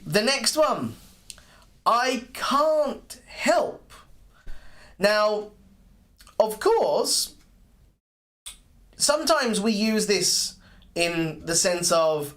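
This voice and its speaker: An English teacher leading a live online lesson, drawing out each example phrase at a slow, deliberate pace. The voice rises and falls widely, sounding encouraging as they welcome viewers by name and praise their answers. The pitch sits in a middle range. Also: fairly bright tone.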